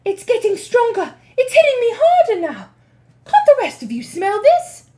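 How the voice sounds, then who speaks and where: A woman's voice: extremely high pitch, wildly swooping pitch, normal speed, mellow, voice pushed up, full character voice. A woman voicing a tall female witch who shrieks in alarm about a smell, in a storybook reading. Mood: urgent.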